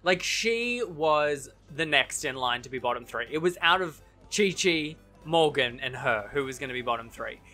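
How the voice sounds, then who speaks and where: A man casually giving his opinions in a TV recap vlog, chatty and animated, often correcting himself mid-sentence and laughing easily. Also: fairly high pitch, moderate pace, hardly any pauses, faint music behind. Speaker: TV recap vlogger.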